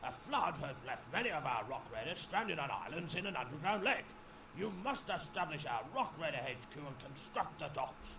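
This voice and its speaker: A man voicing a brisk male mission commander who briefs miners in a formal, instructive way. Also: on the high side, very animated. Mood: briefing. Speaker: in-game mission announcer. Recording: distant, noisy game audio.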